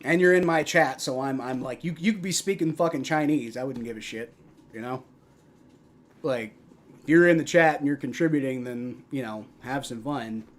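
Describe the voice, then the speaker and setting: A young man hosting a live football stream, mixing play-by-play calls with casual, profane replies to his chat, loud on big plays and mumbling in between. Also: mid-range voice, moderate pace. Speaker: livestream host doing play-by-play.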